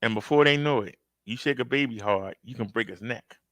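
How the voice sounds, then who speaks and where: A man with a mid-range, fairly bright voice talks fairly quickly, with no echo, while hosting a reaction video. He tells a story to his viewers in a casual, emphatic, conversational way, speaking to them directly and performing outbursts.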